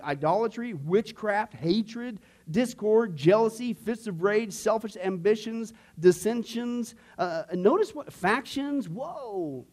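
A man teaching a Bible class in a conversational style, checking in with "okay?" and acting out inner voices. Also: sits high. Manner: animated, frequent "okay?" asides, acts out inner voices. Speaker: pastor teaching a discipleship class.

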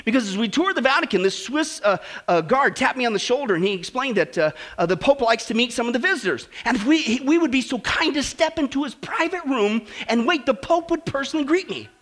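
A man's voice: very high-pitched, expressive, a little fast, few pauses, fairly bright tone, pitched above the performer's own voice. Man voicing a bubbly delighted woman traveler. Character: cheerful woman customer, upbeat traveler.

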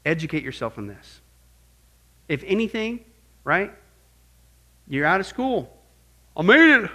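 Lively high-voiced man preaching. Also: measured pace. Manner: animated, swings from quiet to loud exclamations. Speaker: Bible teacher. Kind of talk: lively sermon teaching.

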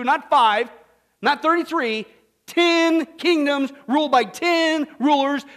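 A pastor with a strikingly high-pitched voice delivers an animated sermon, breaking into laughter and mocking asides.

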